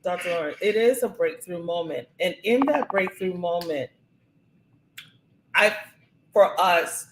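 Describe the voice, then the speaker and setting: A woman co-hosting a marriage podcast, speaking calmly and reflectively in casual conversation. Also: on the low side, measured pace, long pauses, background noise. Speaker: podcast co-host. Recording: echoey room.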